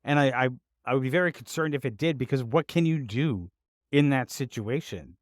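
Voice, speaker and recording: A man's voice: medium pitch, normal speed, dry recording, studio quality. A man co-hosting a podcast in casual chat, laughing often, restarting sentences and joking about himself. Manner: laughs often, many restarts, self-deprecating. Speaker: podcast co-host.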